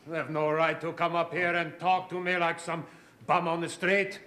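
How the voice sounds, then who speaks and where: A man's voice: a little high, level tone, normal speed, echoey room, background noise, lightly acted. A man playing an older, hostile father in a wheelchair, speaking with a foreign accent and barking orders in a comedy sketch. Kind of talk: sitcom-style sketch acting.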